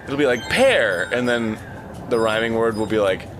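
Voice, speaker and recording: A man's voice: on the low side, flat delivery, over music. A man co-hosting a video game let's play, joking around and laughing often. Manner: giggly, joking, quick to laugh. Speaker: co-host.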